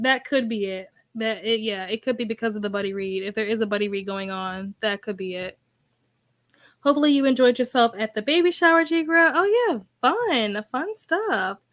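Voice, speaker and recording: Young woman, chatty livestream host, laughs a lot, slightly high voice. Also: a bit bright. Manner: chatty, laughs often, reads viewer messages aloud. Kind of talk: casual livestream chat reading comments.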